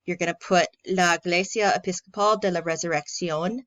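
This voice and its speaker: A woman's voice: lowish voice, steady tone, fairly quick, fairly bright tone, no echo. A woman from a church staff, talking through an online tutorial in a friendly, plain step-by-step way. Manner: friendly, plain step-by-step walkthrough with filler ums. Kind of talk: casual screen-recorded tutorial.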